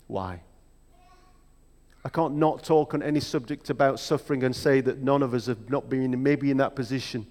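A man preaching a sermon in a reflective, measured way, with emphatic rhetorical questions. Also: mid-range voice, steady tone, darkish tone. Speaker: pastor. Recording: long hall reverb.

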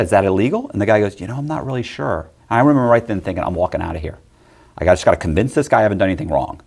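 This is a middle-aged man in a mid-range voice, casually sharing a personal story. He's lively about it and quickly acts out what others said.

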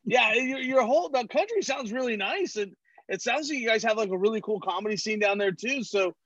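A comedian from California telling stories as an interview guest. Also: male voice, extremely high pitch, expressive, brisk, fairly bright tone, no room sound, dull audio. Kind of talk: casual interview chat.

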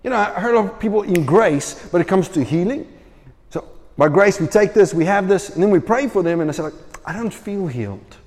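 A man preaching with a somewhat high voice, animated as he tells a story and acts out the people in it. His voice rings with the long reverb of a hall. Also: fairly quick. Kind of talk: sermon.

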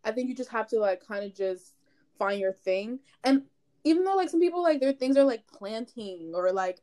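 A woman's voice: on the high side, lively intonation, normal speed, warm tone. A young woman in loose, rambling casual chat, full of fillers, easy laughter and swearing.

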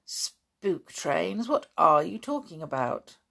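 A woman's voice: low voice, sing-song, slow pace, vocal fry, fairly bright tone, exaggerated voice. A woman voicing a small, harassed grown man who speaks in a weary way.

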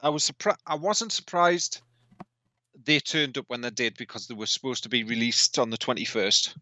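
A man's voice: medium pitch, normal speed, bright, forceful tone, dry recording. A man co-hosting a podcast in casual chat, asking questions and often restarting his sentences. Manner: chatty, asks questions, trails off and restarts. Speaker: podcast co-host.

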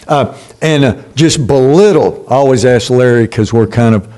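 An older man preaching a sermon as pastor, slow and emphatic, with halting restarts. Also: mid-range voice, a little mellow.

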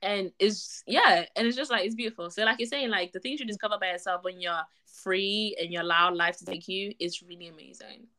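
A woman's voice: medium pitch, brisk, few pauses, bright, forceful tone. A woman hosting a podcast, chatting casually and heaping encouragement and thanks on her guest. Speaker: podcast host.

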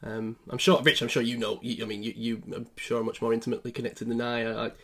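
A man's voice: mid-range voice, little pitch movement, quick pace, a bit bright. A young man hosting a casual podcast chat in an easygoing, conversational way.

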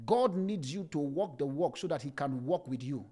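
A young male pastor delivering a sermon in a fairly high voice. He moves between slow, deliberate scripture reading and lively, joking stories, his pitch and volume swinging widely as he talks. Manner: preaching with scripture readings and humorous personal stories. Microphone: streamed service mic.

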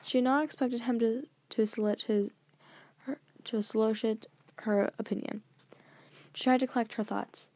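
A woman narrating an audiobook in a steady, even storytelling manner. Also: a little high, normal speed, no room sound.

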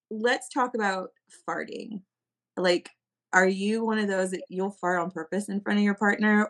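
A woman hosting a casual podcast chat, bubbly and quick to laugh. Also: medium pitch. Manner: bubbly, giggly, animated. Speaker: podcast host. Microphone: streaming podcast mic.

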